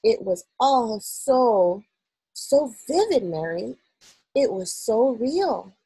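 A woman's voice: a little high, big pitch swings, takes it slowly, husky, no echo, pitched above the performer's own voice, heavily acted, low-quality recording. A woman voicing a composed, dignified queen who speaks sharply when alarmed, in a storybook reading. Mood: dismayed. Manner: startled, then sharp and commanding.

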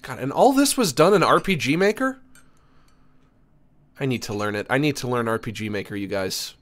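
A man's voice: medium pitch, lively intonation, moderate pace, fairly bright tone. A man streaming a game, reading its text aloud and joking between laughs. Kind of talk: casual let's-play commentary.

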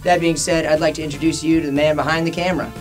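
A man in a band giving mock-formal introductions in a comedy video, shifting between announcer talk and yelling. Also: on the high side, steady tone, very fast. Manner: announcer-style, then panicky yelling. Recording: distant mic with music underneath.

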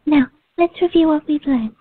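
A woman's voice: sits high, moderate pace, close to an everyday voice. A woman playing a cheerful voice coach. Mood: encouraging. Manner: encouraging, instructive. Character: upbeat female voice coach lesson clip. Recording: phone-like radio audio.

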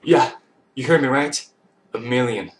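A man's voice: mid-range voice, unhurried. A man talking casually to camera in a vlog, goofy and self-mocking, rambling from one idea to the next. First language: English. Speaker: vlogger. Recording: distant mic with faint noise.

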